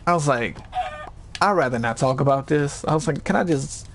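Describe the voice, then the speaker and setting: With background noise in the recording, a man tells his chat a story at a moderate pace. The telling is casual but lively and full of swearing, and he imitates other people with high-pitched yells.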